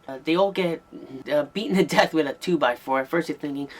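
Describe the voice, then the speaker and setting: A man's voice: on the high side, brisk, a little mellow. A man giving a casual, rambling spoken review of an old horror tape, with frequent ums and restarts. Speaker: VHS movie reviewer.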